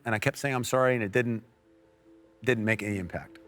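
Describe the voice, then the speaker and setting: An American man telling a personal story on a faith talk show, earnest, with quiet and emotional stretches. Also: mid-range voice, fairly quick, clear, resonant tone, dry recording, clean studio sound, soft background music. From United States. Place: TV studio.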